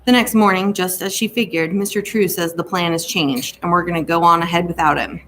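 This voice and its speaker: Low-voiced woman narrating an audiobook. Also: fairly quick, a little hiss or hum. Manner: steady storytelling in a first-person boy's voice. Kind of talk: scripted narration.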